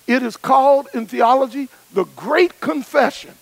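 High, gravelly preacher man. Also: moderate pace, dry recording, rough recording. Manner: emphatic, rhythmic repetition. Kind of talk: sermon.

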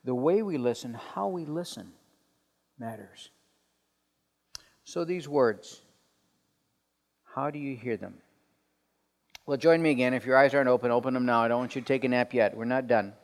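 A man leading a group Bible study in a conversational sermon style, asking questions and swinging from soft to emphatic. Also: mid-range voice, normal speed, long pauses. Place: room with people around tables. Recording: long hall reverb.

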